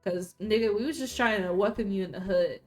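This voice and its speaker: A woman streamer reads a story game aloud in a mid-range voice. She keeps breaking off into loud, profane, excitable reactions. Faint game music plays softly under her voice. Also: mid-range voice, brisk. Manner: loud, profane, excitable outbursts between plain reading. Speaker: gaming streamer.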